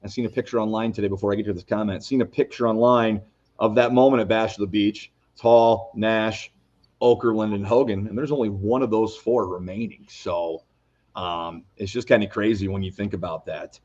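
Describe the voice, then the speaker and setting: Low-voiced podcast host on dull audio. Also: male voice, fairly even intonation, a little fast, a little mellow. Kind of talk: casual podcast chat.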